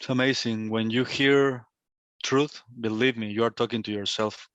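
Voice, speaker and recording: A man's voice: mid-range voice, fairly even intonation, normal speed, a bit bright, no echo. Reflective male spiritual teacher, dry sound. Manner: reflective, repetitive phrasing. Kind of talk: satsang talk. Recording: dull, lo-fi, dry.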